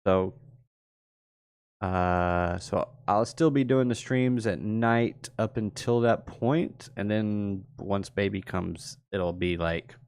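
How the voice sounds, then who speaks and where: Man, live-stream host, casual chat, low pitch, dry close sound, laughs a lot. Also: slow, clean tone, no room sound. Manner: relaxed, rambling, laughs often.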